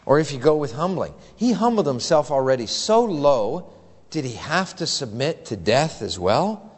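A man's voice: on the high side, sing-song, moderate pace, in a large hall. A male pastor preaching an earnest, emphatic sermon that is full of rhetorical questions.

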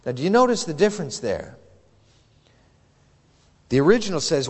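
A man's voice: on the high side, big pitch swings, normal speed, long pauses, big-room sound. A male pastor preaching an earnest, emphatic sermon that is full of rhetorical questions.

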